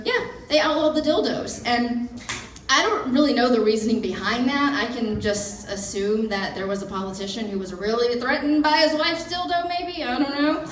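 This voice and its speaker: A woman, telling an animated, self-mocking stand-up story. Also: on the high side, normal speed, a little hiss or hum. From Mississippi, USA. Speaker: stand-up comedian. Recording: roomy, from far off.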